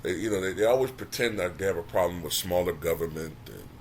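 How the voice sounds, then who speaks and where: A man hosting his own channel, giving casual commentary that runs from flat and low-key to animated and exasperated. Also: quick pace, slight background noise. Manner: animated, rising to exasperated near-shouting; says he can sound monotone at times. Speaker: channel host.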